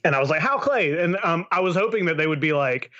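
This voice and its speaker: A man's voice: a little high, fast talker, a bit bright, slight background noise. Man, podcast co-host, casual chat, swears a lot, rambling, muffled lo-fi sound. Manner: swears freely, rambling with restarts.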